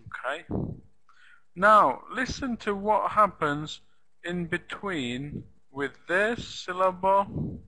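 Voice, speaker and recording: Slow, bright-voiced male teacher. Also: sits high, lively intonation, low-quality recording. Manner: slow, patient, repeats example sentences. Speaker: online English teacher. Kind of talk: live online pronunciation lesson.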